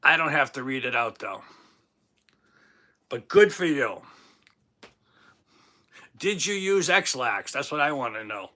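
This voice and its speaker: Reading viewer comments on a casual livestream, a Bostonian man in his fifties jokes around and pokes fun at himself. He speaks in a mid-range voice, very animated yet slow, pausing often, with a pushed, bright quality and a chatty manner.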